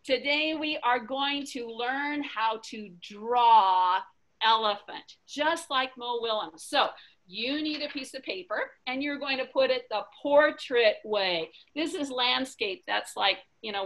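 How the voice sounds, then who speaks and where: Brief: woman teacher, kids' drawing lesson, slow and bright-voiced, encouraging. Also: a little high. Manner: encouraging, slow and sing-song, praises often. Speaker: educator.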